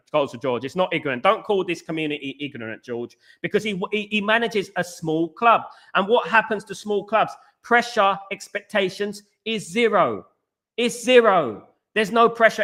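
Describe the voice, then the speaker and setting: Animated man with a bright, high voice. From East London. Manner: animated, argumentative, repeats "at the end of the day"; addresses chatters by name. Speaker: podcast host reading live chat. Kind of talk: casual live-stream commentary.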